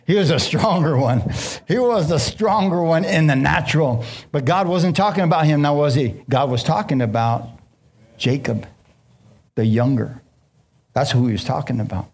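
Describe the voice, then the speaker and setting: Man, pastor, sermon, husky voice, fairly high pitch, asks the crowd questions. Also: moderate pace, a little mellow. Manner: preaching with storytelling and questions to the audience.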